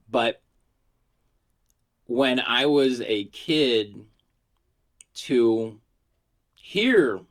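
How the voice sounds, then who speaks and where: A middle-aged man from Pittsburgh riffs through a comic monologue. He speaks without a regional accent. His delivery is crude and rambling, and he is quick to poke fun at himself. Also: medium pitch. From Pittsburgh, USA. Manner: crude, rambling, self-mocking. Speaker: comedian vlogger. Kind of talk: comedic monologue.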